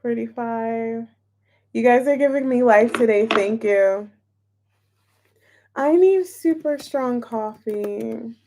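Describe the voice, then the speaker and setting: A woman's voice: a little high, slow pace, pauses often, mellow. A young woman reading tarot and chatting casually with her viewers in a bubbly, laughing way. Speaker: tarot reader. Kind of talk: casual live-stream chat.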